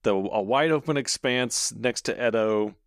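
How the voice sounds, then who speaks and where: A man's voice: medium pitch, measured pace, dry recording, studio quality. A man co-hosting a podcast, casually recapping a TV episode scene by scene. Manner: relaxed, recaps scenes with quoted lines. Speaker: podcast co-host.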